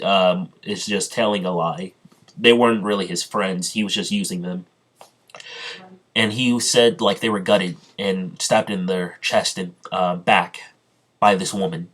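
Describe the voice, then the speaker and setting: A man casually retelling an anime storyline, halting often with fillers and self-corrections and voicing the characters' lines in his own everyday voice. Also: on the low side, a bit bright. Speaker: storyteller recapping an imagined anime plot. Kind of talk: casual spoken recap with quoted dialogue.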